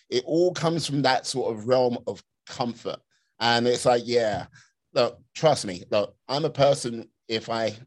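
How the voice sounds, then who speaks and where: A man's voice: medium pitch, animated, a little slow. A man hosting a podcast, talking casually and rambling with lots of fillers about discipline.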